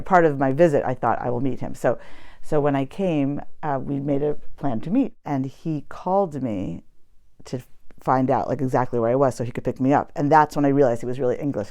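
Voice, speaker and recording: A woman's voice: deep voice, a little mellow. Chatty American woman recalling her story. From United States. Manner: chatty and reflective, many fillers. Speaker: poet and academic. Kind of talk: personal storytelling interview.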